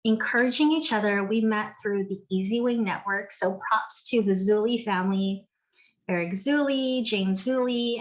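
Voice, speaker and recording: An American woman hosts a relaxed video call, talking eagerly with plenty of "like" and "so". Her voice has an ordinary middle pitch for a woman. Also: low-quality recording. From California, USA. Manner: chatty, enthusiastic, filler-heavy. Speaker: host. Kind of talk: casual video call conversation.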